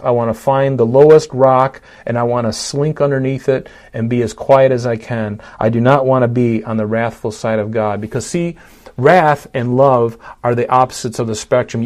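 A man delivering a sermon in a mid-range voice. He lifts his voice and pushes louder through the scripture passages, then sinks low and quiet when he appeals to the listeners, often doubling back to repeat a word. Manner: rises and swells when reading scripture aloud, drops low and soft for appeals; repeats words and restarts phrases. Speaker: pastor.

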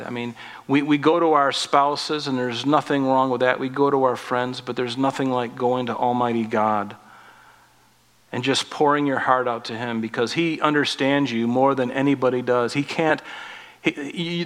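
A man in his forties preaching a sermon as pastor, rising in force on scripture and dropping soft on tender points. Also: mid-range voice, steady tone, normal speed. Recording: long reverb of a large hall.

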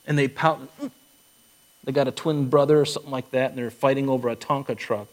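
A man's voice: medium pitch, fairly even intonation, fast, rough recording. A man preaching a sermon as a pastor, earnest, acting out quotes and often restarting his sentences.

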